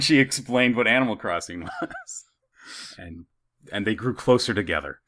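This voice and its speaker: A man in his thirties tells funny anecdotes on a podcast and slips into the voices of the people in them. His voice sits fairly low but swoops around a great deal, which keeps the telling lively. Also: moderate pace. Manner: animated storyteller who acts out other people's voices. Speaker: podcast co-host. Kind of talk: casual storytelling.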